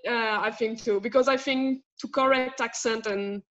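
A woman with a French accent and a fairly high voice chats casually with her acting coach, mostly giving short, agreeable replies. The audio is dull and lo-fi. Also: fairly even intonation, normal speed, a bit bright. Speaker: acting student. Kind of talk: casual chat.

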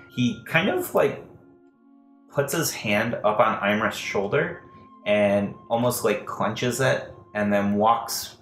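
A man narrating a tabletop game as dungeon master, halting with many fillers. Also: fairly low pitch, a bit bright. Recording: echoey room, faint music.

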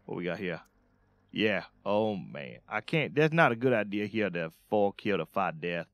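A man's voice: on the low side, sing-song, normal speed, no echo. A man streaming a game, chatting in a drawling, folksy way and often exclaiming "Oh, Lord.". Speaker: streamer playing as a Louisiana bayou character. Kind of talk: casual gaming stream banter with put-on Cajun drawl.

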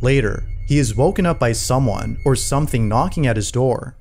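A man reading scripted narration in an even, measured storytelling manner. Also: medium pitch, creaky, soft background music. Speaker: narrator of a played compilation video.

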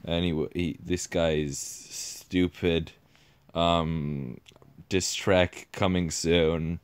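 Slow, low-voiced rambling man. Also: a little mellow, clear, resonant tone. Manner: halting, full of ums and restarts. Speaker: parody reaction video host. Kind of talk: mock reaction rambling.

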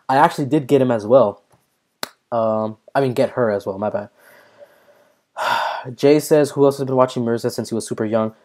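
A young man casually commentating his mobile game on a live stream, excitable, swearing often and reading chat aloud, troubled by hiccups and throat-clearing. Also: medium pitch, normal speed, long pauses.

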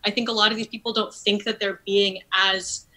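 A woman's voice: mid-range voice, level tone, brisk, bright, forceful tone, low-quality recording. A woman guest on a podcast talking earnestly in articulate, academic phrasing, with plenty of fillers. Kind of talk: earnest conversational interview.

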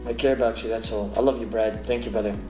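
A man's voice: mid-range voice, steady tone, quick pace, warm tone, roomy sound, faint music behind, low-quality recording. A man streaming a game live, chatting playfully and greeting viewers by name. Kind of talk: casual live-stream chat.

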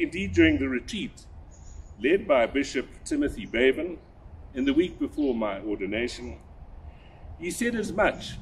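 An older man, a priest, delivering a measured, deliberate sermon with a husky voice. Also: on the high side, a little hiss or hum. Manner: measured, deliberate preaching with emphatic rises.

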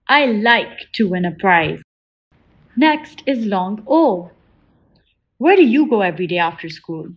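A young woman teacher leading a children's phonics lesson, slowly sounding out words and patiently asking the listener to repeat after her. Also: on the high side, very animated, lo-fi sound. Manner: slow, drawn-out sounding out of words; patient, encouraging prompts to repeat.

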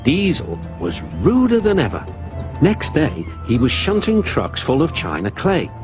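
A man narrating a children's story in an expressive, lilting way, with music behind. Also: fairly high pitch, a little slow.

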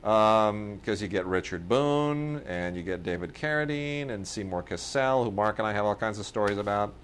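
Rambling low-voiced man telling stories. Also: animated, moderate pace, slight background noise. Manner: rambling storyteller, many fillers, mimics people in quoted bits. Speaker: podcast co-host. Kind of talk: casual chat reviewing home video releases.

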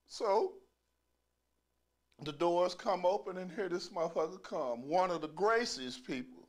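Profane storytelling man, fairly high voice. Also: a little slow. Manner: profane, animated, acts out quoted voices. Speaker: stand-up comedian. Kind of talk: stand-up storytelling.

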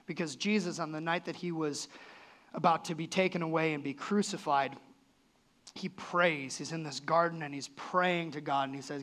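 At normal speed, a male pastor with a fairly bright, higher-leaning voice gives a sermon in church. He sounds earnest and conversational, and his voice jumps up and drops off suddenly.

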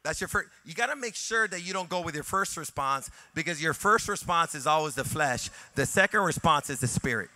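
Male pastor, fairly high voice, lively storytelling sermon. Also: brisk, few pauses, dry recording. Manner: animated anecdotal preaching, acting out dialogue.

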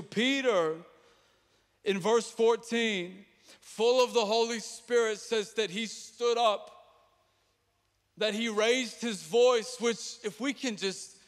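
A pastor preaching with passion, swinging between ringing declarations and hushed, intimate asides, through a stage microphone in a large church auditorium. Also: male voice, high-pitched. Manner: impassioned, repetitive preaching with dramatic drops to quiet. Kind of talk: sermon. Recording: reverberant church hall.

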